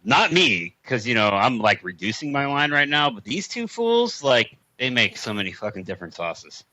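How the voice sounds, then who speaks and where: Blunt, swearing man with a bright, lively voice. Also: mid-range voice, normal speed, no room sound, rough recording. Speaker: co-host, hot sauce maker. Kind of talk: casual podcast chat.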